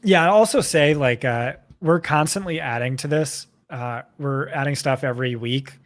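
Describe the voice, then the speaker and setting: A man with a New Jersey accent co-hosting a live stream, talking quickly and casually with lots of fillers. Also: medium pitch. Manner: quick, chatty, full of fillers. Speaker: co-host presenting a data tool.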